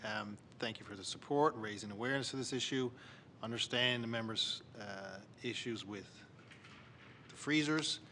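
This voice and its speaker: A man's voice: medium pitch, moderate pace, sharp tone, slight background noise. A man, a minister giving brief, slightly wry answers in committee. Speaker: government minister.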